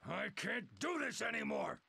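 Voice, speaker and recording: Gruff, yelling old boss. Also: male voice, high-pitched, very animated, normal speed, exaggerated voice. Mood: angry. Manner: yelling, scolding, short-tempered. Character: gruff hard-headed old male workshop boss. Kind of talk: game voice acting.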